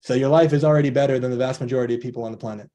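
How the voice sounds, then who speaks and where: A man with a mellow, relaxed voice speaks earnestly as a coach on a video call. He talks through his points by playing out little back-and-forth conversations, voicing both sides himself. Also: medium pitch, very fast. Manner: earnest, acts out both sides of imagined dialogues. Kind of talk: motivational talk on a video call.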